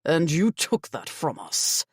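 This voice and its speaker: A woman's voice: low-pitched, big pitch swings, slow, husky, no room sound, exaggerated voice. Curt, icy winged fae man voiced by a woman narrator, dry close audiobook sound. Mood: cold. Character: cold arrogant male winged fae warrior. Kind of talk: audiobook character voice.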